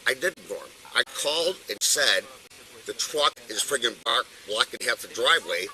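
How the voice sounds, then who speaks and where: A middle-aged man with a Buffalo accent, slurring a little from drink, rants at police and swears. His voice is very bright and sharp. The sound is captured on an officer's body camera. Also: mid-range voice, big pitch swings, moderate pace, poor audio. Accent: Buffalo, New York. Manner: agitated, swearing, name-dropping. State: intoxicated. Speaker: detained judge. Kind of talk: heated argument with police. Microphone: police body-worn camera.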